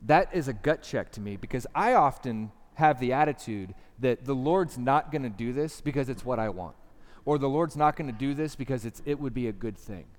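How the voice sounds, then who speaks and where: Male pastor, mid-pitched voice, casual and emphatic sermon delivery, long hall reverb. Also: animated, moderate pace, a little mellow. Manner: conversational, emphatic preaching with rhetorical questions. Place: church hall.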